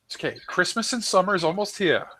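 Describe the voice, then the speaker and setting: A man with a sinus infection chatting casually in a group call, making quick, easygoing remarks. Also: high-pitched, sing-song, noisy background. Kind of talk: casual chat.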